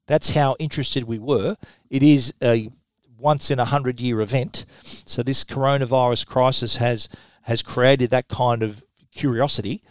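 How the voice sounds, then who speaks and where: A man's voice: mid-range voice, unhurried, no echo. A middle-aged Australian man hosting a tech show, talking chattily and often restarting his sentences. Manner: chatty, lively, repeats words when restarting. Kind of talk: radio tech news talk.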